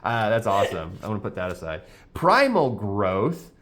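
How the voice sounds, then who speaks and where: A man in casual chat, reading card names slowly with frequent "uh"s and hesitations. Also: on the low side, wildly swooping pitch, background noise. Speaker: co-host opening card packs.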